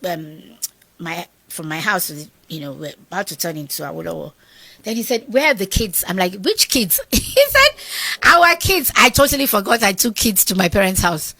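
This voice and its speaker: A middle-aged Nigerian woman telling a personal story in an interview, animated and acting out the dialogue of the people in it. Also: on the low side, creaky, no room sound. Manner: animated, acts out quoted dialogue. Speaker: guest.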